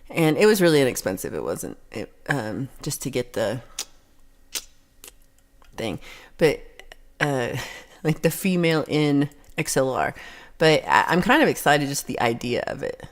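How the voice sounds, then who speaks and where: A woman hosting a livestream, chatting casually and reading out viewer comments in a rambling, chatty way. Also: low voice. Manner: rambling, chatty, frequent restarts and laughs. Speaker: livestream host.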